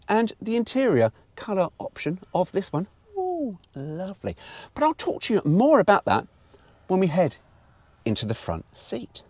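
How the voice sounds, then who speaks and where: A middle-aged man talks his way around a car in a casual, opinionated review. His voice sits slightly high for a man and swings widely in pitch. He is frank, chatty, and swears now and then. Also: darkish tone.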